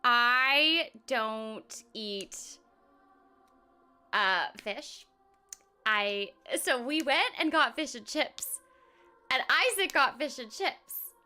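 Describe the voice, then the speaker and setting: Unhurried, giggly female streamer with a high, very bright and lively voice. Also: clean tone, faint music behind. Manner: bubbly and chatty, scatting filler sounds; giggly, rambling with restarts. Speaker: game streamer and voice actor. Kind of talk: casual live-stream chat with viewers.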